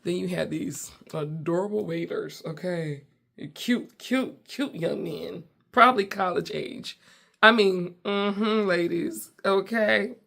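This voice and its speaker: Gravelly-voiced animated woman storyteller. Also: fairly low pitch, slow. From United States. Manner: animated, playful, acts out dialogue. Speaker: comedian and podcast host. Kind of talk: casual comic storytelling.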